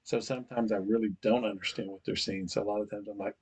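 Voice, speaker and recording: A man's voice: fairly low pitch, steady tone, fast talker, a little mellow, breathy edge. A man with a Southern US accent, co-hosting a podcast with goofy banter and silly voices. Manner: goofy, puts on silly voices and laughs a lot. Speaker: podcast co-host.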